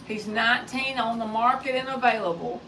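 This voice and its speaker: A woman's voice: fairly high pitch, a little fast, fairly bright tone, far from the mic, low-quality recording. A woman in her forties chatting casually and jokingly on a live stream as a tarot reader, passing along remarks from someone off-mic. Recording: voice a bit off-mic, faint background noise.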